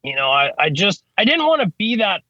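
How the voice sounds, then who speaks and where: A man's voice: high-pitched, very animated, fairly quick, pushed and bright, no echo, muffled recording. A man, an HVAC service tech, telling stories casually in an interview, rambling with lots of "you know what I mean" and casual swearing. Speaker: HVAC service technician, podcast guest.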